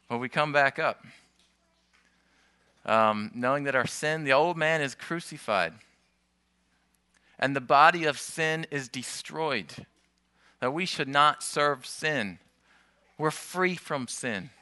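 Man, sermon, conversational preaching, fairly high voice, very bright tone, dry close sound. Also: smooth, no echo. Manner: conversational teaching with restarts and asides.

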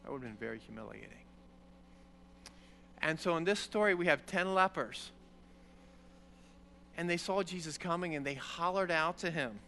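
Slightly high and creaky, a preacher's voice moves at a moderate pace, broken by long pauses, with a faint hiss or hum in the recording. He reads a passage in an informal Bible lesson and explains it in an animated, conversational way, checking in with listeners often.

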